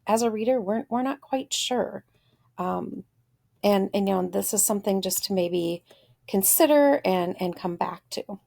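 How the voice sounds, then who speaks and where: Gravelly-voiced woman teacher reading aloud. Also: medium pitch, expressive, dark tone. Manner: thinks aloud, pausing with fillers. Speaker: literature teacher. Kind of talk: reading a story aloud with commentary.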